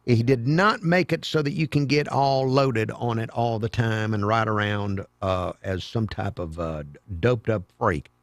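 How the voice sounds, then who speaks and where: A man hosting a talk radio show, delivering a sarcastic, mocking monologue with sudden loud outbursts. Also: fairly low pitch, measured pace, hardly any pauses, no echo. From American South. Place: radio studio. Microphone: studio microphone.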